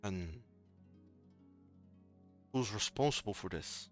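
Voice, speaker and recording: Man voicing a tired stern older noble lord, skeptical, clipped, low, bright tone, tabletop game. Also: animated, slow, soft background music. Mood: weary. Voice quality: tired, weary. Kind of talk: game master voicing a character.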